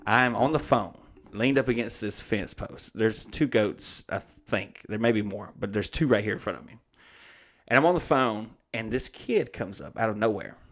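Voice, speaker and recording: A man hosting a podcast, telling a funny story in a loose, profane, animated way. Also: lowish voice, moderate pace. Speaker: podcast host. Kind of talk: casual comedic storytelling.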